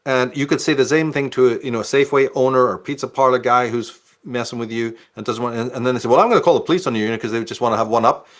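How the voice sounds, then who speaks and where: A man's voice: mid-range voice, level tone, quick pace, few pauses. A man hosting a casual conversation, explaining his argument step by step. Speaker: host.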